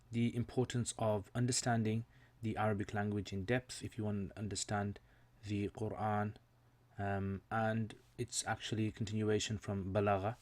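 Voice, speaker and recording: A man giving an informal recorded lesson, explaining word by word with frequent pauses and fillers. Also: lowish voice, a little mellow. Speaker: Islamic studies teacher.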